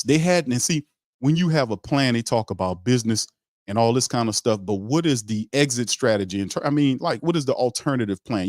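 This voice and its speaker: A man's voice: mid-range voice, a little mellow, no echo, studio quality. A man hosting a sports talk show in a blunt, emphatic rant that repeats points for emphasis.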